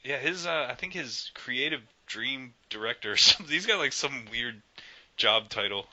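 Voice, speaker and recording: A man's voice: medium pitch, lively intonation, moderate pace, bright, forceful tone, highs cut off. A man co-hosting a casual gaming podcast, rambling and joking with lots of fillers and restarts. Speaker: podcast co-host.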